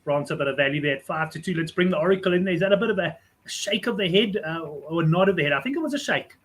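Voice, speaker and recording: A man hosting a betting panel show, briskly moving on from one guest to the next. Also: on the high side, animated, fairly bright tone. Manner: brisk, moves guests along. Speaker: host.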